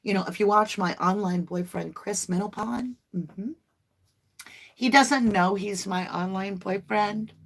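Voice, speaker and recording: A woman's voice: medium pitch, unhurried. Chatty woman reading tarot live. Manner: chatty, folksy, addresses viewers as y'all. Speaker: tarot reader livestream host. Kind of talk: casual livestream tarot reading.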